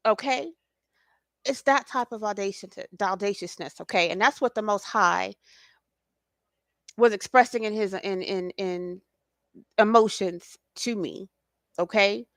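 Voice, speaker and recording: A woman's voice: mid-range voice, moderate pace, a bit bright, no room sound, clean studio sound. Passionate, profane woman spiritual host. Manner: talks to her audience directly, checks in with "okay?". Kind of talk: casual spiritual talk.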